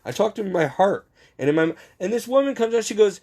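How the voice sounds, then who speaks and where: A man's voice: sits high, lively intonation, quick pace, a little mellow. A man giving a casual, rambling faith monologue, poking fun at himself and chuckling as he talks. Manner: rambling, self-mocking storyteller; frequent chuckles.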